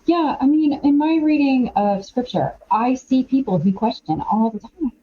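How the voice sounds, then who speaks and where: A middle-aged woman, an author and podcast guest, talking in an animated, chatty way with many quoted asides. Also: high-pitched, moderate pace, narrow, tinny audio. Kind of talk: casual conversational interview.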